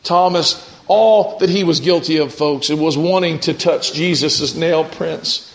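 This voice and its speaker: A man preaching in church, his slightly high voice climbing into fervent peaks as the sermon turns to prayer. A faint hiss sits under the recording. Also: a little slow, low-quality recording. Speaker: pastor.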